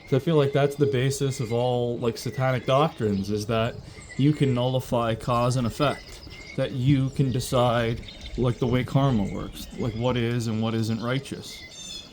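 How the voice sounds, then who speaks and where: A man's voice: mid-range voice, fairly even intonation, unhurried, slight background noise. Man talking outdoors among birdsong. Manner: coos softly to animals, then rants about politics. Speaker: vlogger feeding squirrels and birds. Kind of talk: casual outdoor monologue. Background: birdsong and outdoor ambience.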